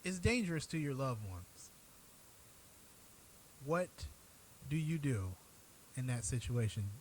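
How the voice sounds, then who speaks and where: A man's voice: mid-range voice, very animated, moderate pace, darkish tone, slight background noise, low-quality recording. A man hosting an online show, talking straight to his audience in an earnest, blunt way that turns profane when he gets worked up. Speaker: show host. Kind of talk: direct-to-camera commentary.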